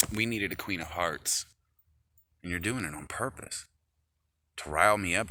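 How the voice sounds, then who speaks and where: A man with a low voice and a sharp, pressed edge to it. He rambles in an irritated, profanity-laced monologue recorded on his phone, jumping between complaints. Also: slight background noise. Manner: agitated, profane ranting. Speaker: vlogger.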